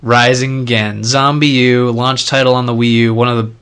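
A man's voice: mid-range voice, level tone, normal speed, a bit bright, clean tone. A man co-hosting a gaming podcast, talking casually and rambling a bit as he corrects himself. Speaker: podcast co-host. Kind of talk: casual chat.

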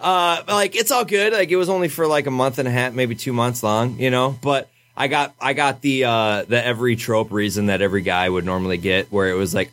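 A man's voice: mid-range voice, a little fast, few pauses, fairly bright tone. A young man on a podcast, telling a rambling, profane story in casual chat.

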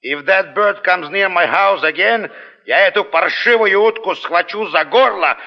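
A sneering Russian neighbor. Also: male voice, sits high, moderate pace. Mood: threatening. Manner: theatrical, mock-menacing threats. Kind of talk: 1940s radio comedy acting. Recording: dull old radio broadcast with hiss.

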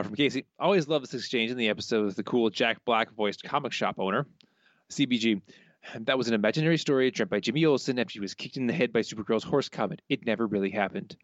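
A man's voice: medium pitch, dry recording, highs cut off. A man co-hosting a podcast, reading listener quotes in casual chat, amused and often laughing. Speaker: podcast co-host.

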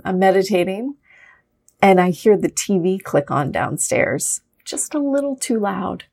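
Gravelly-voiced woman teaching meditation. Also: medium pitch. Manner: gentle, conversational, asks "right?" often. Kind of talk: guided meditation talk.

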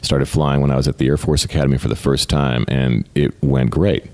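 A middle-aged American man with an extremely deep voice, talking as an interview guest. He speaks earnestly in a relaxed, conversational way and often stumbles over repeated words as a thought gets going. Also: fairly quick. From United States. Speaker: guest, retired fighter pilot. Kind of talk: casual interview talk.

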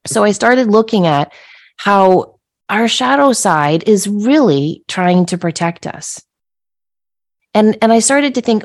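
A middle-aged woman hosting a podcast, telling a personal story in a conversational way. She is animated and laughs as she acts out her own yelling. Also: mid-range voice, unhurried, gravelly. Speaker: podcast host.

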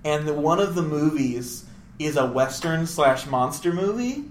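A man co-hosting a podcast in casual chat, jokey and quick to laugh, going off on tangents. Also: a little high, animated. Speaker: podcast co-host. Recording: echoey room with faint hum.

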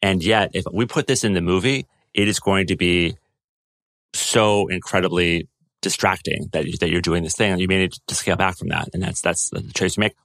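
Man, very low voice, podcast co-host, thoughtful, casual chat, dry studio sound. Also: fairly even intonation, brisk, vocal fry, a bit bright, no echo. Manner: thoughtful, with fillers and restarts.

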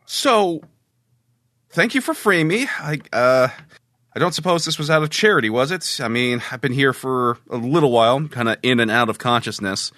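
A man's voice: mid-range voice, normal speed, pushed and bright, dry recording, studio quality, close to an everyday voice. A man putting on a weary clawed female creature. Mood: relieved.

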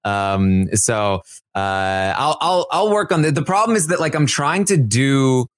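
A man's voice: mid-range voice, animated, a little slow, dry recording. Rambling man on a dry, close podcast mic. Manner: rambling, many fillers and restarts. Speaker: podcast co-host. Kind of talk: casual chat.

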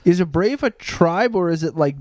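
A man co-hosting a podcast in loose, casual chat, blunt and sardonic with plenty of swearing. His pitch moves a lot as he talks. The sound is dry and close, with no room echo. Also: lively intonation, moderate pace, darkish tone. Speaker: podcast co-host.

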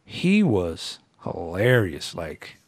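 A man with a gravelly, somewhat high voice hosts a relaxed podcast chat. His pitch swings widely as he laughs and acts out lines, and the sound is dry and close. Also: drawn-out words, no room sound. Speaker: podcast host. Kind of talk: casual chat reviewing a TV episode.

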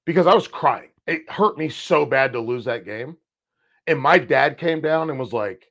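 A man co-hosting a podcast, telling personal stories in a casual, animated way and swearing freely. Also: mid-range voice, moderate pace. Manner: animated, swears freely, acts out past conversations. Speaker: podcast co-host. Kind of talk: casual storytelling chat.

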